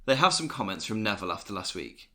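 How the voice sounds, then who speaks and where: A young man with a very bright, forceful tone chats excitedly on a podcast. His voice leaps around with lively pitch, and he laughs and swears often as he enthuses. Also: quick pace. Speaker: podcast co-host. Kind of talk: casual chat recapping wrestling.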